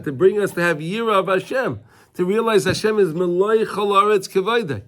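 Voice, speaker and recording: Fairly high-voiced man teaching a Torah class. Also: a little fast, creaky, fairly bright tone. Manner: repetitive, conversational, often checking in with "right?".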